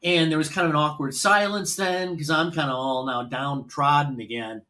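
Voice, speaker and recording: A man's voice: on the high side, fairly even intonation, moderate pace, bright, forceful tone. A man from the American Midwest hosting a podcast. He tells a story in a casual, profane style and acts out the dialogue as he goes. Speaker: podcast host.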